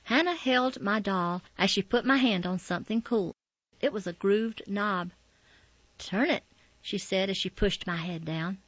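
A woman narrating a memoir in a calm, measured reading. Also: medium pitch, no room sound. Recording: slightly dull, dry recording.

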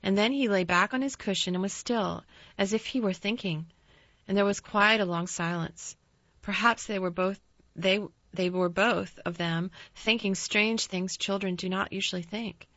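A woman narrating a storybook in a calm, measured way with small restarts, in a slightly dull, dry recording. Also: mid-range voice, dry recording. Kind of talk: storybook reading.

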